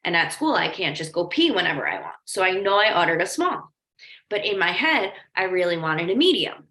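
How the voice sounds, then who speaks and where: A woman life coach teaching in a loose, conversational way, peppering her talk with "like" and little asides. Her voice is bright and forward, and the room around her rings with a noticeable echo. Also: fairly low pitch, very animated, brisk. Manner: chatty, lots of "like", storytelling asides. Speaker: life coach leading a training. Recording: echoey room.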